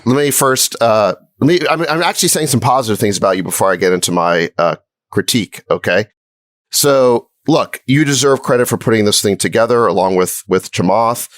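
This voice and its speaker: A man co-hosting a podcast, needling and sarcastic while arguing in measured tones. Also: on the low side, animated, a bit bright, no echo. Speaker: podcast co-host. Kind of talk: heated podcast argument.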